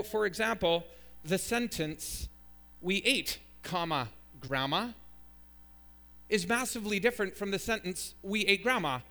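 A man's voice: high-pitched, a bit bright. A male pastor preaching a sermon with emphatic, storytelling delivery.

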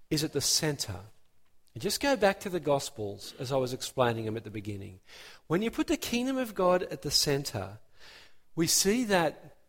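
A man preaching a sermon, emphatic and animated, building his points with rising emphasis. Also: a little high, big-room sound.

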